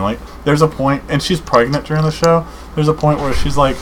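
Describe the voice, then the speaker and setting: A man co-hosting a podcast in casual chat, rambling and excited, saying dude and man a lot. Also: fairly high pitch, a little fast, slight background noise, low-quality recording. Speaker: podcast co-host.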